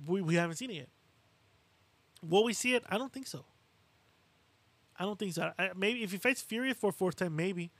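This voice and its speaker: A man with a notably high voice holds forth in casual podcast banter, lively and blunt, with plenty of swearing. His voice is recorded close and dry, with no room sound around it. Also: a little fast, long pauses, no echo. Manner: animated, acts out fighters' quotes, swears freely. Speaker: boxing podcast co-host. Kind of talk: casual chat.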